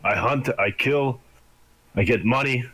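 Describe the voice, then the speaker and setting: A man voicing a gruff, hard-drinking male hunter in a tavern, who talks bluntly and rudely in short lines. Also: mid-range voice, unhurried, fairly bright tone. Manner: blunt, rude, curt.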